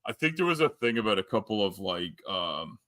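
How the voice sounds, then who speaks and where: A Canadian man with a bright, lower-pitched voice hosts a casual live stream with a Canadian accent. He rambles and jokes, full of fillers and restarts. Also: very animated, fairly quick. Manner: rambling, joking, lots of fillers. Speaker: host.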